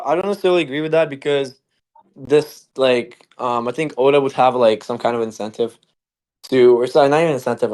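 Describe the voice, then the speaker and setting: Young dude on a voice call, lots of "like" and "um", pushes back, middle pitch. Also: male voice, a little mellow. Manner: hesitant, full of fillers, interjects. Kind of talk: heated online debate.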